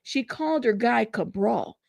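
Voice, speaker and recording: Woman livestream host, young adult, bright high voice, dry close mic, chatty and quick to laugh. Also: animated, gravelly, no echo. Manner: chatty, reads chat aloud, laughs often. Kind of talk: casual livestream chat.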